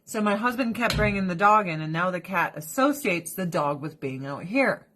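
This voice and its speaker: A woman's voice: fairly low pitch, normal speed, a little hiss or hum. A woman vlogging from home, chatting casually and bluntly while doing her skincare, swearing freely. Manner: profane, blunt and animated, with lots of acted quotes.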